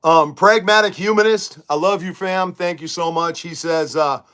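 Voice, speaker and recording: A middle-aged man chats to his live audience from his bedroom, loose and emphatic, answering viewer comments as they come. His voice sits a little higher than most men's. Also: moderate pace, a bit bright, clear, resonant tone. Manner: chatty, emphatic, reads viewer comments aloud. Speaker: livestream host. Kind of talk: casual live-chat monologue.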